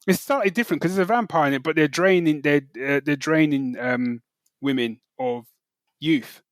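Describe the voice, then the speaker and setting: A podcast co-host with a slightly high voice, speaking at normal speed with no echo, tells stories animatedly during a casual chat, humming theme tunes along the way.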